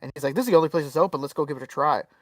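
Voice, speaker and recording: A man's voice: fairly high pitch, very fast, no echo, distant mic. A man spins a long, profanity-laced anecdote for his podcast co-hosts, jumping into little voices for everyone in the story. He sits a bit back from the mic in a dry, dead room. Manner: animated storyteller, swears freely, acts out quotes. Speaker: podcast co-host. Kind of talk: casual storytelling chat.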